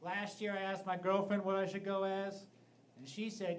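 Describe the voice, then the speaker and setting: Comedian, 30s man, high voice, deadpan stand-up into a handheld mic, noisy club. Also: normal speed. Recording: noisy live club recording.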